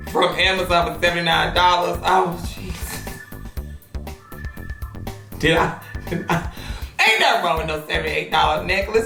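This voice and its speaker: Woman hosting gossip talk, bright forceful voice, teasing and laughing, roomy echo, faint music behind. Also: on the low side. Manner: loud, laughing, animated and teasing. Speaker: host of a gossip commentary show. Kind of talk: casual gossip commentary.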